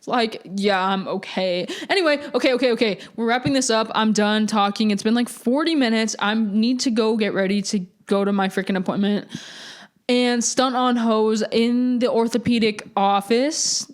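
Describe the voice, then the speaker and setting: A woman's voice: a little high, fairly even intonation, moderate pace. A young woman of eighteen hosts her own podcast alone. She talks in a loose, rambling, chatty way. She keeps poking fun at herself as she goes. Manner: rambling, chatty, self-mocking. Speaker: podcast host. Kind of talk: casual solo podcast chat.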